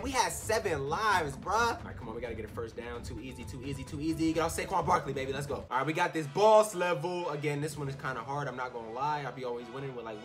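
A man plays a football video game in his room and talks through every snap in loose slang. His voice is very animated, dropping to low grumbles and then leaping into shouts. Music plays clearly underneath him. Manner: excitable, swings from muttering to shouting, slangy. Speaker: gaming YouTuber. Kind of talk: live gameplay commentary. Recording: music playing behind.

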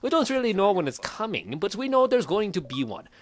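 A man's voice: high voice, big pitch swings, fairly quick, no echo. Hyper, rambling male gaming commentator. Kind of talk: unscripted game theory commentary.

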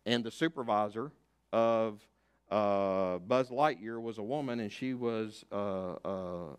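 An older man, preaching a sermon as pastor, emphatic and fiery, rising to loud declarations and dropping to hushed asides. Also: on the low side, slow pace, clean tone. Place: church sanctuary.

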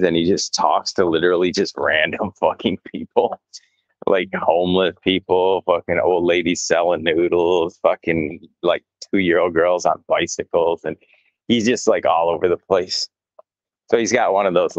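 A mycology channel host walks through botanical gardens on a casual livestream, rambling, swearing and chuckling often as he films on a handheld phone. His voice is low-pitched, and the recording is muffled with no echo.

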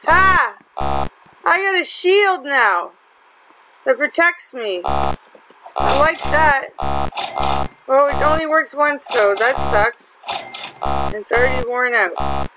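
A woman's voice: on the high side, wildly swooping pitch, slow, long pauses, heavy background noise. A woman hosting a gaming channel, chatting and teasing through her commentary as she plays. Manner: chatty and teasing, laughs often. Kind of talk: let's-play commentary.

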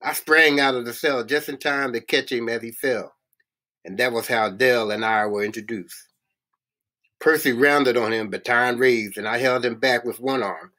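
A man reading a novel aloud in a halting way, often stumbling and restarting words. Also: mid-range voice, sharp tone. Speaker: reader.

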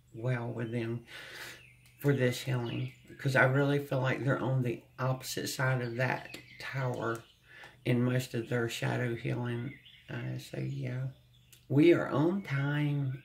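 Slow, gravelly-voiced tarot reader humming softly. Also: medium pitch, slight background noise. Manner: slow, gentle, often humming and sighing; speaks with emotion, close to tears at times. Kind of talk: channeled tarot reading to viewers.

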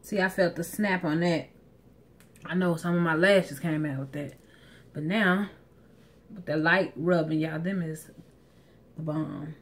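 A woman's voice: sits low, fairly even intonation, a little slow, long pauses. A woman in her thirties vlogging casually to the camera from home and her car, chatty and swearing freely, talking to viewers as y'all. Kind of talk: casual vlog chat to camera.

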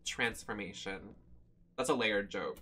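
A streamer giving loud, profane, joking running commentary on a live horror game stream, with sudden squeals when startled. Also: deep voice, measured pace. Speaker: streamer playing horror games.

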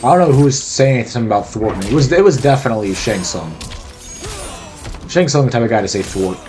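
A man's voice: mid-range voice, expressive, fast talker, darkish tone, faint music behind. A man giving casual, profane, joking commentary while playing a fighting game. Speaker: gameplay commentator.

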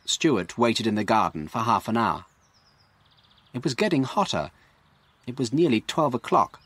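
A man narrating a graded story for English learners in a slow, clear, expressive way. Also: medium pitch.

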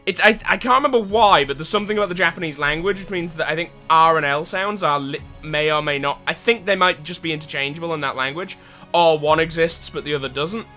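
A man's voice: fairly high pitch, quick pace, pushed and bright, faint music behind. A young British man from England commentating a video game playthrough, rambling with sardonic, sweary asides. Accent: British English. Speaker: gaming YouTuber. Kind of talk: let's play commentary.

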